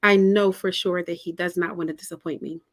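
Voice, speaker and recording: A woman guest in a casual conversation, speaking thoughtfully and pausing to search for her words. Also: fairly low pitch, steady tone.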